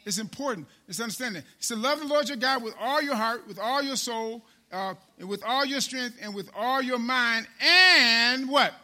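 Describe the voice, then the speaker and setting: A man preaching a sermon in call-and-response style. He repeats his phrases and swings between loud and soft. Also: very high-pitched, moderate pace, few pauses.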